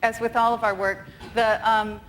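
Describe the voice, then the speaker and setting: A woman's voice: fairly high pitch, little pitch movement, moderate pace, a bit bright, slight background noise, rough recording. Woman director giving a conference talk. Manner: articulate, with occasional fillers. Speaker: theater director speaker. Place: conference stage.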